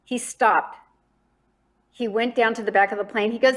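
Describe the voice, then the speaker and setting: A woman guest on a podcast, telling a story in an animated, dramatic way. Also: mid-range voice, moderate pace.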